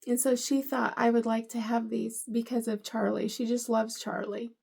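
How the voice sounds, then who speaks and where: A woman's voice: a little high, flat delivery, moderate pace, creaky, a little mellow, slightly rough. A middle-aged woman vlogger unboxing gifts, gushing and teary with emotion. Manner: gushing, emotional, tearful at times. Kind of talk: casual unboxing vlog.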